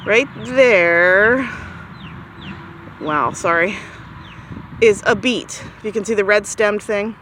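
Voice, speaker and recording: Her voice is a bit bright, with slight background noise, as this gardening vlogger chats her way around her backyard vegetable garden, talking to the camera while she walks. She rambles casually, breaks into a high sing-song for her chickens, and birds and chickens cluck faintly nearby.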